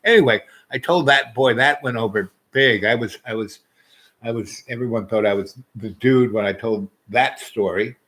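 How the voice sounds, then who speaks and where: A man spins a loose, rambling story at a middling pitch. He doubles back on his words, trails off, and chuckles through it, with an unhurried, conversational flow. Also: a bit bright. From New York. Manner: meandering, repeats words, chuckles often. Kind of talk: rambling personal anecdote.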